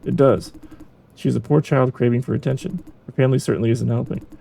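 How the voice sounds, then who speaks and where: A man voicing a calm, encouraging male supervisor in a game, speaking in a measured way. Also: mid-range voice, vocal fry. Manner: measured, reassuring. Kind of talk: reading a game's dialogue aloud.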